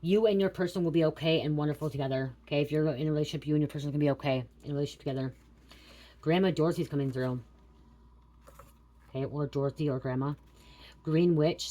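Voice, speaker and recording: Low-voiced woman giving a psychic reading. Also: dark tone. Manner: repetitive, stream-of-consciousness, blurting names. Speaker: psychic card reader. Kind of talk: intuitive reading to viewers.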